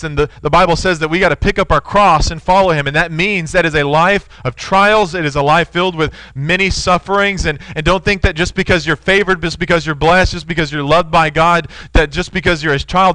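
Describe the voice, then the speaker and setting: A man's voice: a little high, bright, forceful tone, dry recording, poor audio. A man in his thirties preaching a sermon, earnest and storytelling, speaking to his listeners as friends.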